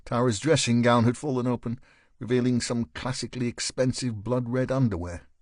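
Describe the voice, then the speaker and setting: A male narrator reading a crime thriller audiobook in a measured, even manner. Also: mid-range voice, no echo, clean studio sound. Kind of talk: scripted narration.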